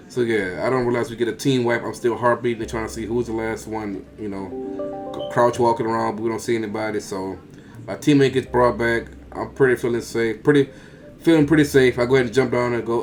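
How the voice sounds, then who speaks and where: Fast-talking man narrating his gameplay. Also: lowish voice. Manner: casual, rambling play-by-play with slang. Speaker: gaming video creator. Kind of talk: voice-over commentary on gameplay.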